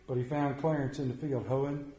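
A man preaching a sermon, telling a story that swells loud and then drops to quiet prayer. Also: medium pitch, fairly even intonation, moderate pace. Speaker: pastor. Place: church sanctuary. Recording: echoey church room.

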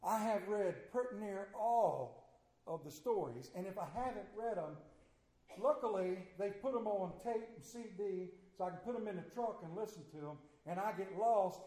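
High-voiced folksy pastor in echoey church. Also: male voice, a little mellow. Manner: folksy storytelling with emphatic swings. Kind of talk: sermon. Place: church sanctuary.

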